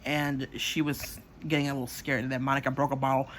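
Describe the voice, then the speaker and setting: A man's voice: medium pitch, flat delivery, quick pace, fairly bright tone, a little hiss or hum. A man casually telling a personal story, rambling with fillers, swearing and acting out what others said. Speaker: channel host.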